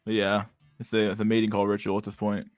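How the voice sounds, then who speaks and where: A young man hosts a stream reacting to videos, with casual, profane, incredulous and sarcastic commentary, calling people dude again and again. His fairly low voice is monotone and fast, with no echo and faint music behind.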